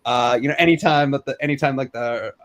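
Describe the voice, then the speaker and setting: A man co-hosting a podcast, talking in a relaxed, casual way, full of "like" and hedges. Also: mid-range voice, quick pace. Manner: relaxed, lots of likes and hedges. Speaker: podcast co-host. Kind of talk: casual chat.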